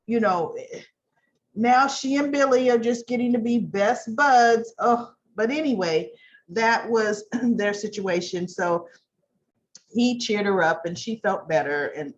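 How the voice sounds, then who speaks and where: Chatty woman going over soap episodes, highish voice, slow and drawn out, keeps clearing her throat. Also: dull audio. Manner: chatty, animated storytelling with rhetorical questions. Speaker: soap opera recap vlogger. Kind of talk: casual spoken recap.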